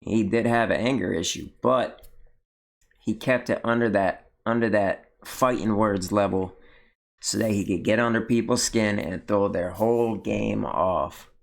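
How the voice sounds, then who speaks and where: A man with a low, gravelly voice gives laid-back commentary on a clip he just watched. He sounds blunt and easygoing, and he doesn't mind swearing. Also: measured pace. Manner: relaxed, blunt, swears freely. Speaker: reaction video host. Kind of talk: casual commentary.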